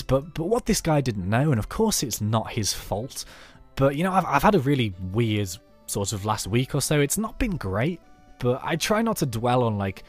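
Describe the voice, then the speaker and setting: A man from the United Kingdom talking through a game in a chatty, rambling let's play. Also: medium pitch. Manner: chatty, animated, rambling asides. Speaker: YouTube let's play host. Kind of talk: casual gameplay commentary.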